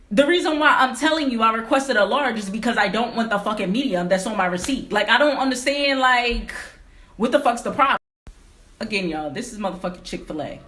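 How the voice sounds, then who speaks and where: A young adult woman telling a story in a casual vlog at home, ranting emphatically with lots of swearing. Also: medium pitch. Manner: animated, profane, emphatic ranting. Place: home game room.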